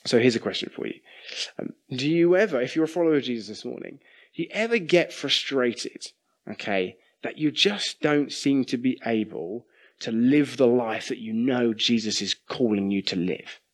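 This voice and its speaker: A man's voice: medium pitch, animated, normal speed. A middle-aged man preaching a sermon in a conversational way, often asking the congregation questions.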